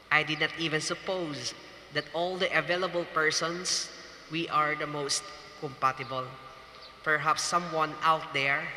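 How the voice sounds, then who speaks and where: A man with a Filipino accent delivers a wedding homily in a slow, emphatic preaching manner. His voice sits a little high and sounds very bright. The recording carries the long reverb of a large hall. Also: a little hiss or hum. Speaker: wedding officiant. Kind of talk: wedding homily mixing English and Hiligaynon. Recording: echoey reverberant hall, distant ambience.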